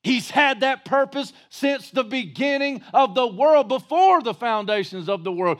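A male pastor preaching a sermon in a folksy, joking way, rising to shouts for emphasis. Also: very high voice, animated, normal speed, hardly any pauses.

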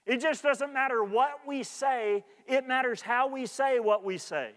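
A man's voice: extremely high pitch, unhurried, fairly bright tone, long reverb tail. A man preaching a sermon as pastor, earnest and repeating his key points for emphasis.

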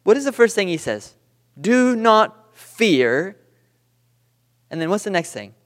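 Animated man teaching a church class. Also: high voice, fast talker, big-room sound. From Southern California. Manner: conversational, animated storytelling with asides.

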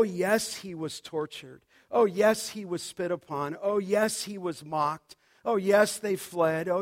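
A man preaching a sermon to his congregation in an impassioned way, repeating phrases and prompting the crowd to answer. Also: sits high. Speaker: pastor. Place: church service.

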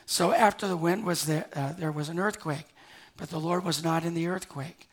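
Older man preaching, hushed to urgent. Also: a little high, normal speed. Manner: swings from hushed to loud and urgent. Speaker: pastor. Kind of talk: sermon. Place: church with live congregation.

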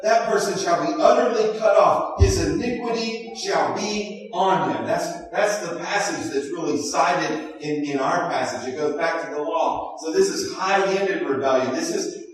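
A man preaching a sermon as pastor, earnest, often repeating a word as he starts a phrase. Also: fairly high pitch. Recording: echoey hall from far off.

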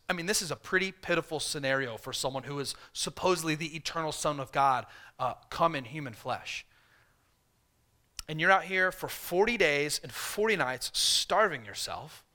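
Bright-voiced male pastor preaching. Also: expressive, normal speed. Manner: conversational preaching, voicing the tempter in soft low tones. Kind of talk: sermon.

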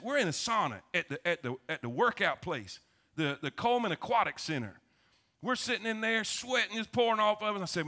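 A pastor, preaching a sermon and telling stories with emphasis and humor. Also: male voice, high voice, expressive, brisk, pushed and bright.

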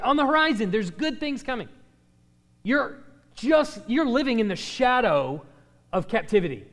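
A man with a high voice teaches a Bible class. His pitch swings widely as he explains the verses. He reads them out with dramatic flair, and the sound rings in a long hall reverb. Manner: animated, reads verses dramatically, repeats words when restarting.

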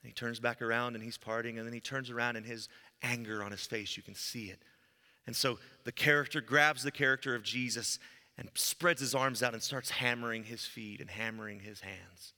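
A man preaching a sermon as pastor, telling a story and moving between loud emphasis and hushed, low lines. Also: steady tone, fairly quick. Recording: long hall reverb.

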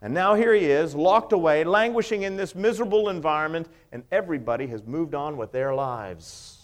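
High-voiced middle-aged male preacher. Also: animated, brisk. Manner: emphatic, rhetorical questions, sweeping pitch. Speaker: pastor. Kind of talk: sermon.

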